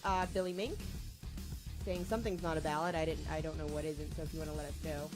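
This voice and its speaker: A woman's voice: low voice, steady tone, fast talker, music in the background. A woman co-hosting an online rock show, chatting casually and frankly with a wry humor while reading out viewer comments. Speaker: show co-host. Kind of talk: casual radio-style chat.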